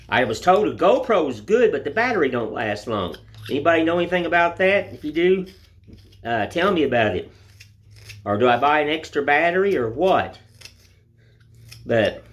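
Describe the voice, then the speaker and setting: This middle-aged man, a woodcarving vlogger, talks in a mid-range, slightly bright voice as he whittles on a phone-camera recording. The chat is casual, folksy, and plain-spoken, wandering from one thing to the next.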